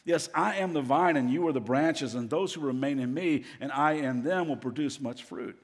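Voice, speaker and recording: A man giving a sermon as guest pastor, telling stories in an animated way and acting out the voices he quotes. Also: on the high side, moderate pace, in a large hall.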